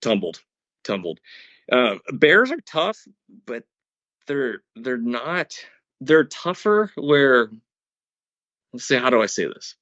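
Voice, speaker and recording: A man's voice: medium pitch, big pitch swings, slow, long pauses, fairly bright tone, no echo, dull audio. A man guest on a podcast, earnestly telling a hunting story step by step, with many restarts. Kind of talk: casual storytelling interview.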